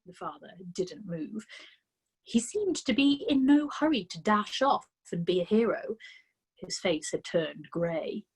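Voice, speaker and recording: Expressive woman reading a story aloud. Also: mid-range voice, breathy edge. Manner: expressive, dramatic pauses.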